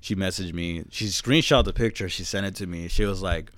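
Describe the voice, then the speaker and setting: Podcast co-host, young man, low voice, laid-back and profane, dry close mic. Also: fairly quick, a bit bright, dry recording. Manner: laid-back storytelling, swears and laughs a lot. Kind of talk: casual chat.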